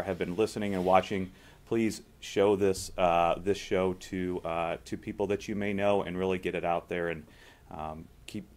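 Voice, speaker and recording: A man on a talk-show panel, speaking hesitantly and pleading with viewers. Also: low voice.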